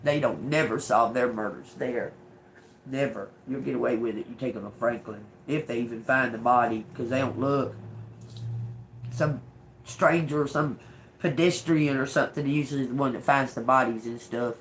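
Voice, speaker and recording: A woman's voice: extremely low pitch, normal speed, slight background noise. A woman giving a live-streamed tarot reading, emotional and blunt, swearing freely. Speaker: tarot reader.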